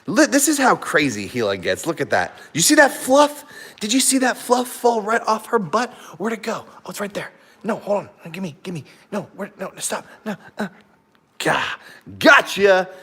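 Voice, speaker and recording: A man with a somewhat high voice hosts a relaxed live stream from home. His delivery is very animated and swoops up and down as he chats with viewers. He laughs often and keeps stopping to coax his dogs. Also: normal speed, husky. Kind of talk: casual live stream chat.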